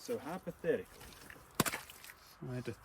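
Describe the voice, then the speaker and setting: A man's voice: mid-range voice, lively intonation, brisk, warm tone, slight background noise. A young man filming himself on his farm, talking through his fencing work in a plainspoken, casual way. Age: young adult. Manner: plainspoken, thinks aloud while working. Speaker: farmer filming a farm vlog. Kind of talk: casual talk to camera. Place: outdoors on a farm field. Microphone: phone propped up nearby.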